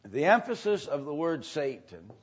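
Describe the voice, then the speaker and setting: A man teaching a sermon, speaking with many pauses and filler sounds. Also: fairly high pitch, wildly swooping pitch, slightly rough. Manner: slow, halting, many fillers. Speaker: preacher. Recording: dull lo-fi sound.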